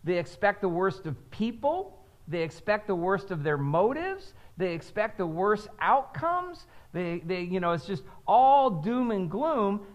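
Animated slow-talking male pastor. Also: high-pitched. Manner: conversational preaching with frequent "right?" check-ins; has the congregation repeat phrases back. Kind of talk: sermon.

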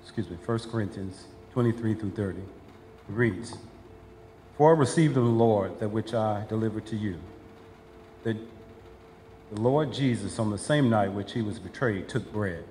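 A man introducing the Lord's Supper and reading scripture in a formal, halting way. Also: lowish voice, mellow, slight background noise. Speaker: communion leader. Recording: echoey church hall.

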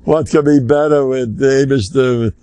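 An older man, a rabbi, giving an animated, rambling Torah lecture full of Yiddish and Hebrew terms. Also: mid-range voice, normal speed, no echo.

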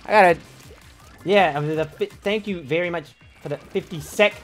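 A man streaming a live game, talking in a theatrical way that swings from low mumbles to sudden yells. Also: normal speed, faint music behind.

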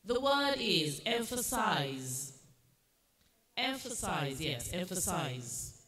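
A woman serving as a spelling bee pronouncer, reading each word slowly and firmly telling children when they are not correct. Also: on the low side, big pitch swings, a bit bright. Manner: slow, deliberate pronunciation, firm instructions. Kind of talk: reading words and judging spellings. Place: school competition hall. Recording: echoey hall, faint noise.

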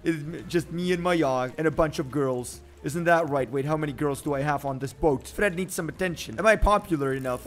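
Young male game commentator, a bit high-voiced, hoarse and screamed-out, excitable and show-offy. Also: a little fast, hardly any pauses, faint music behind. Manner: excitable, boastful joking. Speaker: gaming video host. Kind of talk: casual let's-play commentary.

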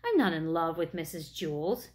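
A woman reading aloud and voicing a shy, earnest schoolboy with a crush on his teacher, speaking up high when flustered. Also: sing-song, moderate pace. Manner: flustered, raised voice.

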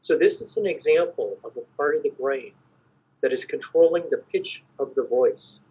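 A man giving a measured, explanatory academic lecture as an invited conference speaker. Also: medium pitch, lively intonation. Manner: measured, explanatory, clears throat at times. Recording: dull lo-fi recording.

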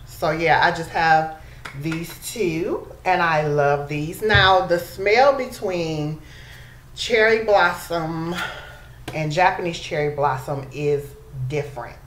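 Woman, low pitch, casual beauty vlog chat, echoey room. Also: slow. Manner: chatty, addresses viewers as y'all. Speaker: beauty vlogger. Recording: echoey room, faint background noise.

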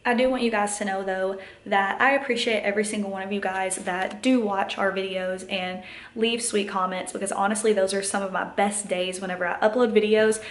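A woman's voice: medium pitch, fairly even intonation, a little fast, echoey room. A young woman vlogging as a mom at home, chatty and candid, a bit tired, laughing often, talking to the camera. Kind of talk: casual vlog chat to camera. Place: home, indoors. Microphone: camera mic.

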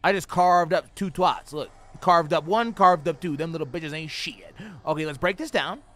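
A young man streaming a horror game, reacting loudly with swearing, sudden shouts and jokes at his chat. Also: on the high side, moderate pace. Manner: loud, profane, excitable reactions with sudden shouts; trash-talking, joking with chat. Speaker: gaming streamer. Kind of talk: livestream gameplay commentary.

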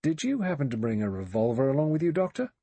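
A man doing a gruff suspicious ex-inspector. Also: mid-range voice, wildly swooping pitch, fast, warm tone, no echo, pitched above the performer's own voice, heavily acted. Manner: gruff, blunt, colloquial. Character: blunt suspicious male ex-inspector, middle-aged.

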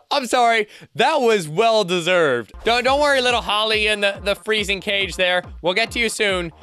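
Young guy doing let's play commentary, high lively voice, laughs a lot, bit of game music under it. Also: unhurried, clear, resonant tone. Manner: excitable, chatty, laughs and yelps often. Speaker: gaming channel host.

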